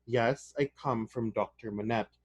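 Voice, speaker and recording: A man voicing a grim middle-aged wine-shop keeper in a storybook reading, speaking calmly and mechanically in a slightly lower, quieter voice. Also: unhurried, dry recording, close to an everyday voice. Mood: calm, reserved. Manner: calm, mechanical, reserved.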